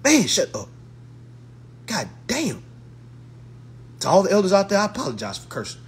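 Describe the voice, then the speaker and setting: A man's voice: high-pitched, huge pitch swings, moderate pace. A man in a profane, mocking monologue to his followers, using blunt slang and repeating his retorts. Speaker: social media commentator.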